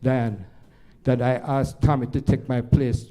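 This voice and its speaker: With a medium-pitched voice and a somewhat slow pace, an older Jamaican-accented man, a jazz pianist, entertains a live audience from the stage. His anecdotes are animated and wandering, with frequent restarts.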